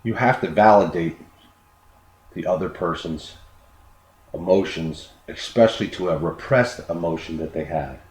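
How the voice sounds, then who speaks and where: Deep-voiced man giving earnest life advice. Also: unhurried, pauses often, darkish tone. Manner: earnest, repeats words, acts out quoted dialogue. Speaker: self-improvement speaker. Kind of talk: unscripted motivational talk. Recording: echoey room with faint noise.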